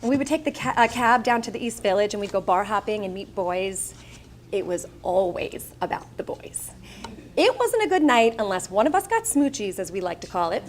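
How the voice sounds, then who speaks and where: A woman's voice: a little high, very animated, fast talker, hardly any pauses, slight background noise. A middle-aged woman with a Long Island accent gives a personal storytelling speech at a charity breakfast, candid and self-mocking with wry asides. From Long Island, New York. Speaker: guest speaker at a charity breakfast. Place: event room, speaking to an audience.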